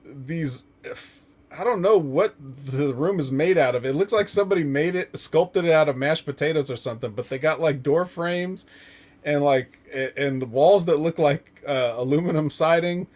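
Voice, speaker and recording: Man, higher voice, casual wrestling chat, rambling, lots of ums. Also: moderate pace, a little mellow. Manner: rambling, filler-heavy, chuckles often. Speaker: podcast host.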